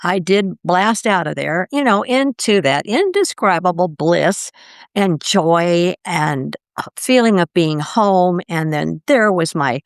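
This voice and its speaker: Podcast guest, older woman, low gravelly voice, lively storyteller who voices the people she quotes, dry close sound. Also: takes it slowly, dry recording. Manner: animated, acts out quoted voices with big pitch jumps. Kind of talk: conversational storytelling.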